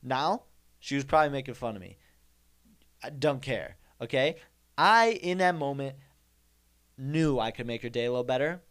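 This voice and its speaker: A man's voice: mid-range voice, expressive, normal speed, pauses often, a bit bright. Young guy rambling thru a funny story, keeps repeating himself, mock offended. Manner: rambling, repeats phrases, mock-indignant asides. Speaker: comedian host. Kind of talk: comedic storytelling monologue.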